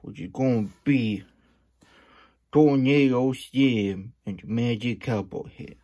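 A man's voice: medium pitch, takes it slowly, warm tone. A man hosting a casual storybook reading, with playful cowboy-persona banter and rambling asides. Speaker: children's book reader.

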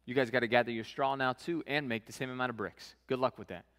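A man's voice: mid-range voice, steady tone, fast talker, a bit bright, in a large hall, voice pushed down, natural voice. A male preacher voicing a mocking ancient king who brushes people off in sarcastic, casual slang. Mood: dismissive. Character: dismissive, mocking ancient king, adult man.

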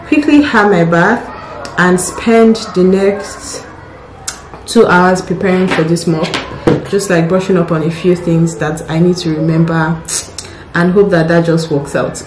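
Young female doctor vlogger, chatty and nervous, low-ish voice, echoey phone audio. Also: darkish tone, slight background noise. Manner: chatty and nervous, repeats herself. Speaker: doctor vlogging exam prep. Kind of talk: casual vlog talk to camera.

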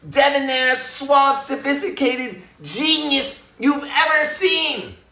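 A woman's voice: high voice, slow, roomy sound, voice pushed up, exaggerated voice. A woman voicing a boastful, arrogant male pet reptile who brags and hurls insults. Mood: bragging. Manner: bragging, taunting, shouting insults.

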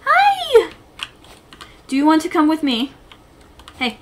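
A woman streamer giving goofy, excitable let's play commentary. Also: sits high, moderate pace, background noise. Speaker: gaming streamer.

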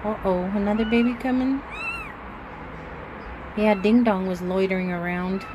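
A woman vlogging from her backyard in a medium voice. She speaks soothingly to a mother cat and chats casually with viewers. Clear background noise and cat sounds run under the homemade recording. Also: mid-range voice, fairly even intonation, moderate pace, long pauses. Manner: soothing, talks softly to a birthing cat. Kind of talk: casual vlog talk to viewers. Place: backyard outdoors. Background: cats meowing.

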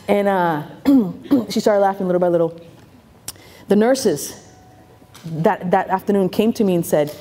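Animated woman comedian on stage. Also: mid-range voice, unhurried, long pauses, slight background noise. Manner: animated, laughs often, acts out family voices. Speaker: comedian and keynote speaker. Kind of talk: stand-up storytelling to a live audience. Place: event stage before a live audience.

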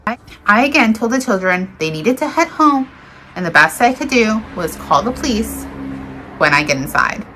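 A woman's voice: fairly high pitch, very animated, moderate pace, sharp tone, faint music behind. A woman reading viewers' paranormal encounter stories aloud in an earnest, dramatic way, with small slips and restarts.

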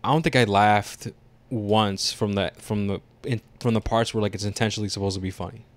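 Animated man reviewing a movie. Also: on the low side, fairly quick. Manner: animated, teasing, swears freely. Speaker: podcast co-host. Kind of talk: casual movie review chat.

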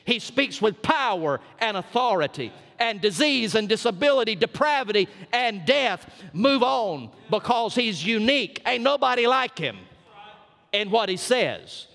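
Southern pastor guy, really high voice, folksy emphatic preaching, long church echo. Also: sing-song, gravelly, a bit bright. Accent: South Georgia Southern US. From South Georgia, US. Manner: folksy, emphatic preaching with drawn-out punch lines. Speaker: senior pastor. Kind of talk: sermon. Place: church sanctuary.

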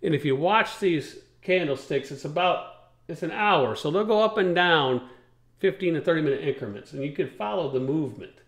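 A man with a somewhat high voice hosts a casual trucking talk show, rambling in a folksy, plain-spoken way. He explains things step by step, and the sound is roomy and echoey. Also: expressive, moderate pace, a bit bright.

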